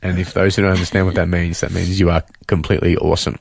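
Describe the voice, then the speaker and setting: A man speaking earnestly in a radio studio interview, halting with fillers as he gives a heartfelt testimony and reads a letter to his mother. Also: low voice, level tone, gravelly, a little hiss or hum. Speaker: interview guest, son of the guest. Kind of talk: emotional testimony, reading a letter aloud.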